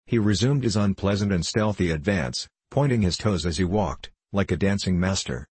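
A man narrating an audiobook in a measured, wry storytelling manner. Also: deep voice, lively intonation, a little mellow, slightly rough, no room sound.

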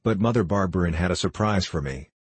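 A man reads a story aloud in a calm, measured, steady way. His voice sits very low and has a husky edge, recorded dry and close with no room sound. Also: no room sound. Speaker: narrator. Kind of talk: scripted audiobook narration.

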